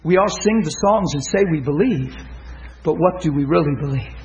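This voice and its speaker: A male preacher delivering an impassioned sermon, swinging from shouted peaks to hushed storytelling. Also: on the high side, moderate pace, highs cut off.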